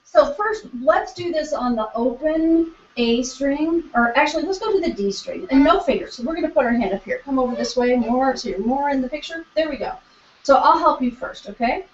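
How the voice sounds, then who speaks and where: A woman's voice: high voice, animated, moderate pace, a little hiss or hum. A woman teaching violin online, patient and encouraging, singing out bowing syllables as she guides a young student. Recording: roomy, dull lo-fi video call with violin. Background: violin playing.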